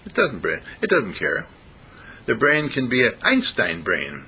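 A man telling rambling, playful stories in a casual talk, clearing his throat often. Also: medium pitch, huge pitch swings, measured pace, pushed and bright. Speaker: speaker.

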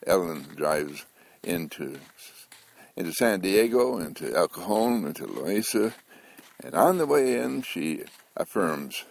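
A man's voice: low-pitched, big pitch swings, slow, vocal fry. A man giving an inspirational talk who asks his listeners questions, chuckles often and acts out the voices of the people in his stories. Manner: chuckles as he talks.

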